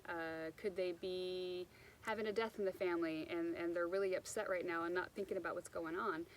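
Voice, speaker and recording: A woman's voice: on the low side, fairly even intonation, a little fast, a little hiss or hum, poor audio. A woman giving an unscripted motivational talk outdoors by the water, rambling a little and restarting her sentences as she goes. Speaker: self-help speaker.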